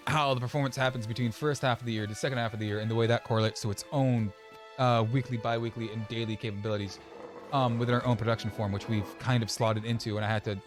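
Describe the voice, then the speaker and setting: A young man streaming a game and chatting casually, rambling with many restarts and quick laughs. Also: medium pitch. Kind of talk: casual chat while gaming.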